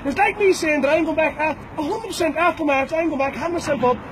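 A man's voice: very high voice, brisk, noisy background. An Irish man, a bare-knuckle fighter, records a challenge to a rival, taunting and threatening him and repeating names and "boys" over and over.

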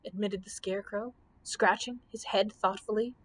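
A librarian reading a children's storybook aloud, with expressive narration. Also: female voice, medium pitch, moderate pace. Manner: expressive reading with voiced characters.

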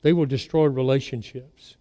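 A man's voice: medium pitch, steady tone, moderate pace, dark tone, in a large hall. A man preaching a sermon as pastor, telling stories and putting questions to his congregation. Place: church sanctuary.

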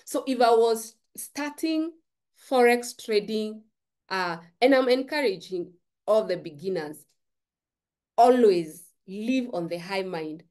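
A woman's voice: mid-range voice, lively intonation, slow pace, darkish tone. A woman giving an emphatic, preachy motivational talk to camera, repeating phrases for stress. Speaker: forex trading YouTuber.

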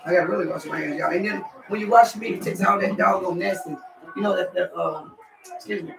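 A man's voice: sits high, steady tone, fairly quick, vocal fry, roomy sound, distant mic, over music, low-quality recording. A man chatting loosely to his viewers while cooking in his home kitchen. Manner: loose, chatty, talks straight to viewers with lots of "y'all". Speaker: cooking vlogger. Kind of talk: casual cooking vlog chat.

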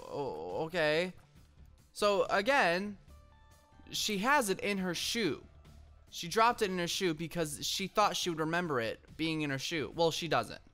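At home, a young gaming channel host with a smooth, sharp voice on the high side tells a rambling story while he plays. He says um a lot and breaks into bursts of frustration at the game in his casual commentary.

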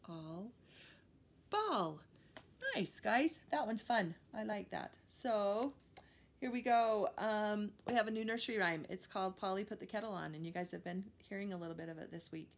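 A woman preschool teacher giving a phonics lesson to young children, sounding out letters slowly and praising them warmly. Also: medium pitch, vocal fry. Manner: slow, encouraging, sounding out letters for small kids.

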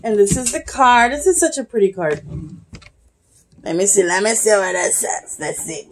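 A young woman vlogging casually while unboxing a gift, excitable and gushing, often breaking into giggles. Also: medium pitch, moderate pace, a little hiss or hum. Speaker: YouTube vlogger. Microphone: camera, face not shown.

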